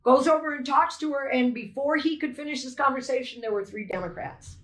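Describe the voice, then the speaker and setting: Animated older woman telling her story. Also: high voice, fairly quick, echoey room. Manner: animated storytelling, acts out exchanges. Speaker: poll challenger giving testimony. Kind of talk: emotional personal testimony.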